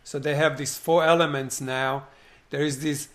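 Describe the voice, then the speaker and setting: With a voice on the high side and a normal speed, a man eagerly retells a film scene in conversation. He is animated, acting out the parts and asking lots of rhetorical questions.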